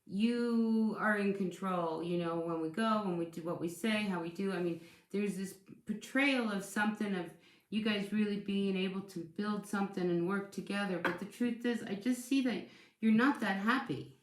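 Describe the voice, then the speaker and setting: Woman, tarot reader, casual chatty reading, reassuring, restarts a lot, middle pitch, echoey room. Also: normal speed. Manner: chatty, reassuring, repeats words and restarts often.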